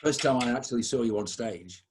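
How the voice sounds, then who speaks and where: A man's voice: medium pitch, brisk, a little hiss or hum. A man interviewing an actress, asking about her career with an admiring, enthusiastic manner. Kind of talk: interview questions.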